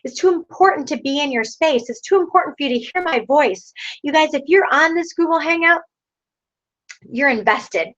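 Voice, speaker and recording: A woman's voice: high-pitched, animated, moderate pace, a bit bright. A woman in her thirties leading her sales team over a video call, rousing them with repeated rhetorical questions. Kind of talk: motivational pep talk. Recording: dull lo-fi online video call.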